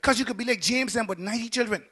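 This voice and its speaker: A male pastor, preaching a sermon that swings from shouted peaks down to low, quiet lines. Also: rapid-fire, background noise. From Bahamas.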